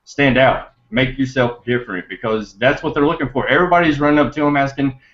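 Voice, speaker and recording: A man of middle pitch tells a story to his listeners in a loose, rambling way, often laughing and trailing off into fillers. His voice sounds a little muffled and lo-fi, as if the recording was a bit dull. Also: a little fast, a bit bright. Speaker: podcast host.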